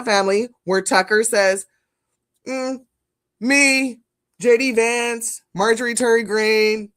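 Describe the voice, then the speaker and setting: Blunt, animated woman streamer. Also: mid-range voice. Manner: animated, blunt, profane, talks to chat as "family". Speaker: streamer commenting on news. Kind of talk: live-stream commentary chat.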